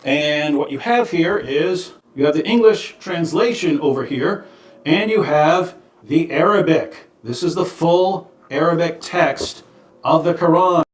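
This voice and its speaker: A man, a video creator, calmly explaining and showing his points in a measured, wry way. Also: a little high. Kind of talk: explanatory monologue. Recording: echoey room.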